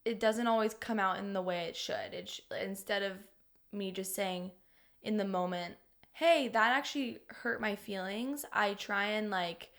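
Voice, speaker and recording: A woman's voice: mid-range voice, steady tone, moderate pace, a bit bright. Chatty young woman podcast co-host. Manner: chatty, emotional storytelling full of "like". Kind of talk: casual chat.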